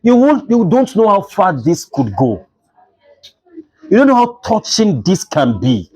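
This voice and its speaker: A man's voice: high voice, unhurried, breathy edge. A young adult man with a Nigerian English accent, a literature teacher lecturing a class and acting out the voices in his stories. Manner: animated storytelling, acts out dialogue.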